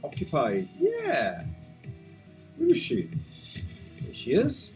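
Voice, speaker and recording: A man's voice: high voice, wildly swooping pitch, slow pace, gravelly, a little mellow, faint music behind. A man casually commenting on a video game he is playing, chatty, reading game text aloud and adding wry asides. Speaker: let's play host.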